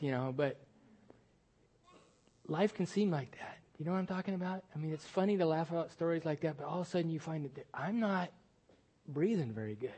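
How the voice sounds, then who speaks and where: High-voiced pastor preaching conversationally. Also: male voice. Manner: conversational, self-deprecating storytelling with sudden rises in pitch for emphasis. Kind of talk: sermon.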